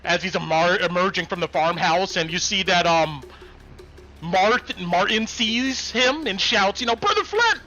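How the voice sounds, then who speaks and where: A man's voice: sits high, a little slow, sharp tone. A man narrating as game master on a live stream, talking casually with fillers and restarts. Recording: dull lo-fi stream audio with faint music.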